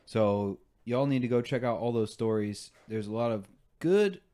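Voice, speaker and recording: A man's voice: mid-range voice, expressive, moderate pace, mellow. A man hosting a podcast in casual banter, joking and swearing, and laughing often. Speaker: podcast host.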